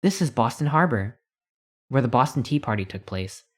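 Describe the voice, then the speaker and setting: A man's voice: medium pitch, expressive, normal speed, a bit bright. A man voicing a pompous old tour guide in colonial dress, read from a text adventure. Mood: proud lecturing. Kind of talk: reading a text adventure aloud.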